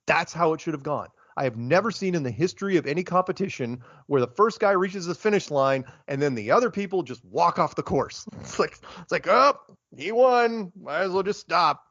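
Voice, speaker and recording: A man, a guest in a casual interview, talking in an animated, rambling way and getting worked up. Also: a little high, brisk, hardly any pauses, no echo. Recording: dull lo-fi, dry sound.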